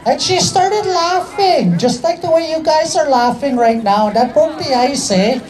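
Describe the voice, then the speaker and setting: A man's voice: extremely high pitch, animated, measured pace, darkish tone, some chatter behind, slight background noise, rough recording. A man doing stand-up comedy, telling a story and ending lines with a tag question. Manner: ends lines with a tag question, loose joking delivery.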